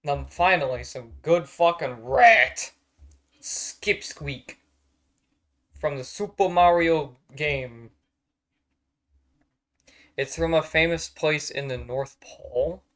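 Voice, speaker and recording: A man's voice: a little high, takes it slowly, long pauses, fairly bright tone. A man streaming from home, chatting casually in a rambling, profane way and getting exasperated easily. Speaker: streamer ranking characters on a tier list. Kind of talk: casual live-stream chat.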